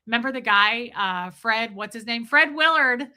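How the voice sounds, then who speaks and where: A woman's voice: on the high side, lively intonation, moderate pace, pushed and bright. A woman hosting a livestream, chatting casually and reading viewers' comments aloud. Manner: chatty, reads chat aloud, giggly. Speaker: livestream host.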